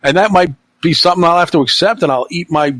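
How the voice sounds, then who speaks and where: A man's voice: fairly high pitch, fast, a bit bright, no room sound, rough recording. A middle-aged man hosting a podcast in casual chat, blunt and opinionated, swearing freely. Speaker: podcast host.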